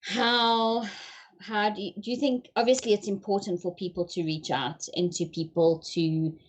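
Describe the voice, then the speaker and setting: A woman's voice: mid-range voice, steady tone, moderate pace, slightly rough. Rambling woman host asking questions. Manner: rambling, searching for words. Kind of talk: casual interview chat.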